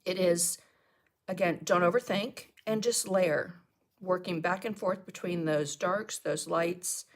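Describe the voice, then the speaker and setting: Speaking slowly with a fairly low pitch and fairly even intonation, a middle-aged woman guides viewers through a live painting lesson one brush step at a time. She's chatty, greeting her audience and coughing and laughing between steps.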